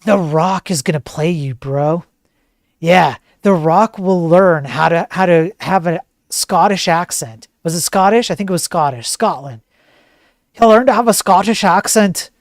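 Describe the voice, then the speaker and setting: A man's voice: on the high side, unhurried, dry recording, studio quality. A man hosting a streamed commentary show, talking in a sarcastic, joking way. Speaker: host.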